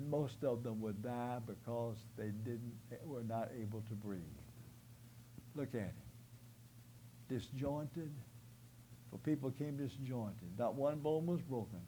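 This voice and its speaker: A male preacher delivering a sermon with vivid, dramatic storytelling that rises into loud, forceful outbursts. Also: mid-range voice, slight background noise, poor audio.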